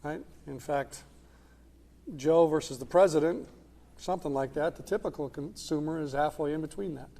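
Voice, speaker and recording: A man's voice: fairly high pitch, normal speed, gravelly, mellow, long reverb tail. A man teaching an economics class in a conversational lecture style, checking in with his students as he goes. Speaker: economics instructor. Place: lecture hall.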